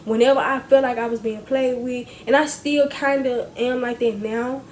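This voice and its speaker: A young woman with a high, bright voice tells a story to her viewers. She is casual and animated, addressing them as y'all, with a faint hiss behind her. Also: normal speed. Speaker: storytime vlogger.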